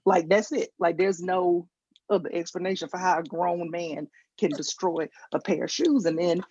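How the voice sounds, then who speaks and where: This Southern woman from Georgia is doing comedy remotely, spinning stories with voiced-out quotes and self-mocking comments through a video call mic that sounds dull and lo-fi. Her pitch sits on the low side, her intonation is fairly even, her pace is normal, and her tone is slightly mellow, with a little background noise.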